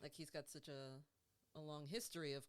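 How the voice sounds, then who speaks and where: A woman's voice: deep voice, steady tone, moderate pace. A woman life coach co-hosting a podcast, chatting casually, laughing often and swearing now and then.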